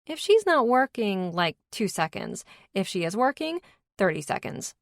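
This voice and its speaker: A woman's voice: medium pitch, sing-song, moderate pace, creaky, dry recording, clean studio sound. A woman narrator voicing a chatty, bossy young woman among friends in an audiobook.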